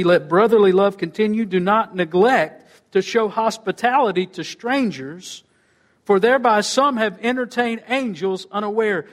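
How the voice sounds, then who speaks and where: A man preaches a sermon in a fairly high voice. He pushes phrases up and loud, then lets them sink low and soft at the ends. His delivery rolls between quick storytelling and slow, weighty lines. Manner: preaching with wide swings in pitch and loudness, dropping low and quiet at phrase ends. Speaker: pastor.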